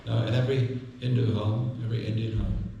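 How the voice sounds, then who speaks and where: A man giving a devotional class at a temple, telling stories with gentle humor. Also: mid-range voice, flat delivery, fairly quick, gravelly, highs cut off, a little hiss or hum. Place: temple hall. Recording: echoey temple room from far off.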